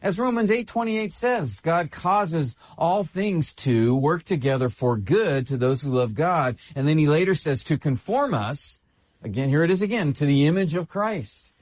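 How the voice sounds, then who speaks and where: Expressive man preaching a sermon. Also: on the high side, normal speed. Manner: expressive preaching, repeats phrases for emphasis. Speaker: pastor.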